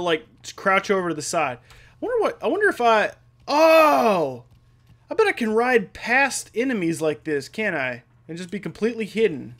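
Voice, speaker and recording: A man giving casual, joking commentary while playing a video game, excitable and cursing freely. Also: high voice. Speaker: gameplay video host. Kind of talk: casual let's-play commentary.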